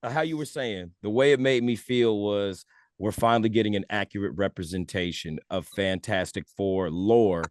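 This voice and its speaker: A man's voice: lowish voice, normal speed, no room sound, clean studio sound. A man co-hosting a podcast, chatting casually and restarting his sentences often. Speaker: podcast co-host. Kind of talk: casual movie chat.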